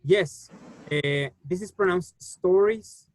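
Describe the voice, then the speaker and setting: A man who speaks natively leads an English lesson with a patient, unhurried manner, pausing on fillers as he walks his students through the answers. His voice sits a little high for a man. The recording is close and dry, with no room echo. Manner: patient, explains slowly with many fillers. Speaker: English teacher. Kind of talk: online class teaching.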